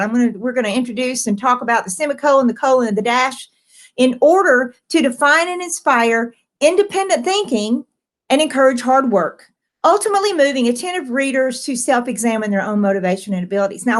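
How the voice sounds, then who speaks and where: A middle-aged woman teacher with a high voice walks through an essay in a recorded lesson. She explains as she goes, pausing on fillers and correcting herself mid-sentence. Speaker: English teacher.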